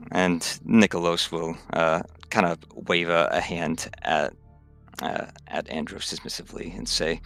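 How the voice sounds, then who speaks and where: A man narrating as game master of a tabletop game, halting and full of restarts. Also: low voice, little pitch movement, bright, forceful tone, soft background music. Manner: halting, many fillers and restarts.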